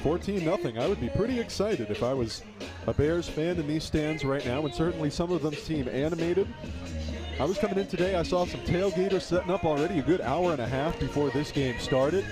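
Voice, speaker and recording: A man doing live play-by-play commentary on a college football game, lively and jokey. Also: a little high, a little fast, over music. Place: outdoor football stadium broadcast booth.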